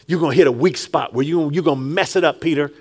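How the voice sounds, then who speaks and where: A man preaching a sermon with call-and-response, rising to shouts and dropping low, acting out scripture figures. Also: fast talker. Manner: animated, call-and-response, rises to shouts then drops low; acts out Jesus and Peter in quiet low tones.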